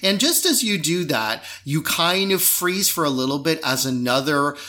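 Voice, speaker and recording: A man narrating a tabletop game as game master, loose and relaxed, with lots of fillers. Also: fairly high pitch, moderate pace.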